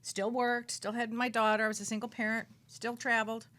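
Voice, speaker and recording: A woman who works as a psychic medium, a guest on a radio talk show, telling her story in an animated, dramatic way and repeating words for emphasis. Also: a little fast. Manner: animated, dramatic storytelling with big swings in pitch and loudness.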